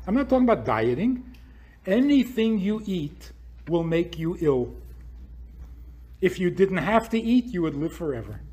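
A man's voice: fairly high pitch, dark tone. A man hosting a podcast, giving a spiritual talk full of rhetorical questions. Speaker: podcast host.

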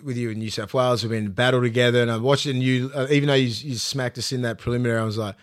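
An Australian man co-hosting a podcast, a former rugby league player who swears freely, laughs often and tells animated stories. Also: mid-range voice, racing. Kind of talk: casual chat.

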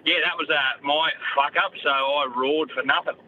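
A man's voice: a little high, steady tone, moderate pace, bright, forceful tone. An Australian man calling in with a voice message, telling a blunt, swearing story about his own blunder. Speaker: caller. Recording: dull lo-fi voice message with faint noise.

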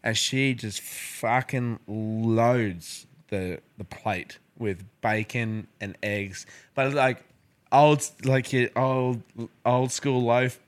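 A man's voice: mid-range voice, drawn-out words. A young Australian man, married, chatting casually as a podcast host, swearing often and laughing through his stories. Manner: swears a lot, laughs often, lively storytelling. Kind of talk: casual chat.

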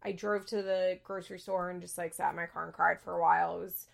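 A woman's voice: on the low side, flat delivery, fast talker, vocal fry. A young woman hosting a podcast, chatting candidly about a reality show and swearing freely. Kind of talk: casual chat recapping a reality show.

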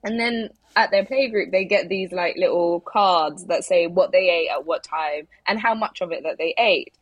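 Brief: woman podcast co-host, husky, animated storyteller, dry close mic. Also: fairly low pitch, moderate pace, dry recording, lo-fi sound. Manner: animated storyteller, acts out quotes. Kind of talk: casual chat.

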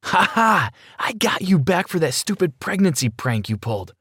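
A playful mother, as a male narrator puts her on, her voice lifted higher and lighter than his own. She speaks in a lively, coaxing way, recorded close and dry. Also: moderate pace, husky, no room sound. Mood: gleeful. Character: teasing mother, playful, later worried.

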